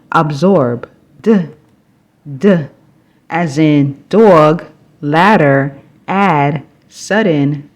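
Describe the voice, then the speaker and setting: A woman teaching phonics, reading sounds and example words one at a time with long pauses between them. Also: deep voice. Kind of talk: slow, paced phonics instruction.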